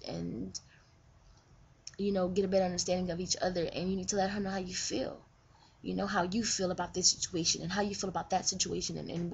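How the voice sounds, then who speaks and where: A woman's voice: medium pitch, vocal fry. A woman vlogger giving relationship advice in a casual, earnest and frank way, often repeating herself. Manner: earnest, repetitive, frank with occasional cursing. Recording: dull lo-fi webcam audio with faint hiss.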